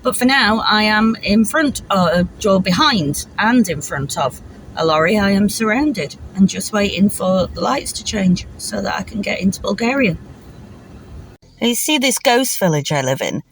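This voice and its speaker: A woman's voice: mid-range voice, expressive, moderate pace, a little hiss or hum. A woman, chatting casually and rambling a little, filler words dotted through as she vlogs. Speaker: vlogger. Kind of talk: casual vlog chat.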